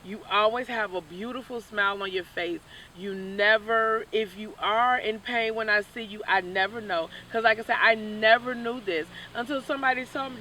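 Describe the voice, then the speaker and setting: A woman's voice: mid-range voice, normal speed, sharp tone. A woman hosting an interview, asking rambling and encouraging questions. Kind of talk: casual interview. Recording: faint noise, mic at a distance.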